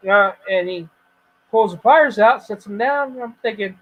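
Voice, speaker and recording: A man with a fairly high voice tells stories on a casual stream chat, exclaiming and acting out each moment. His voice comes through a muffled, lo-fi voice-chat line. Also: normal speed. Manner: animated storyteller, exclaims and acts out scenes. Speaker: streamer host.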